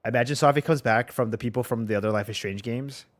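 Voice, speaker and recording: A man streaming a game reaction rant, excitable and profane, constantly calling out bro and dude. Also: medium pitch, fast. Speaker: gaming streamer. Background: game music.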